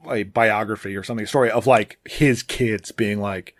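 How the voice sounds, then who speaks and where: A man co-hosting a podcast, talking in a relaxed, hesitant way with many fillers that trail off quietly. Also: lowish voice, normal speed, few pauses, no room sound, clean studio sound. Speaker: podcast co-host. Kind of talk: casual chat.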